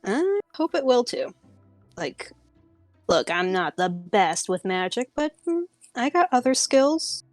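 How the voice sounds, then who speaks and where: A woman's voice: on the high side, big pitch swings, slow, no echo, faint music behind. A woman playing a tabletop role-playing game, chatty and often laughing. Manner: giggly, chatty. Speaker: player. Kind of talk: tabletop role-play chat.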